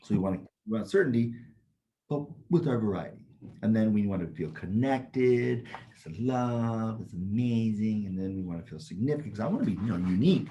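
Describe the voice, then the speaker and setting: Blunt, foul-mouthed man with a low, dark voice. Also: moderate pace. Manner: blunt, swears freely, animated storytelling. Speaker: podcast co-host and Taoist teacher. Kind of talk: casual chat.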